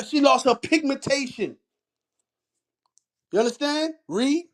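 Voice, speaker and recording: A man's voice: extremely high pitch, animated, takes it slowly, a bit bright. A man with an African American Vernacular English accent, teaching scripture with blunt, commanding commentary and frequent interjections. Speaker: teacher leading a scripture reading. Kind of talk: street preaching commentary.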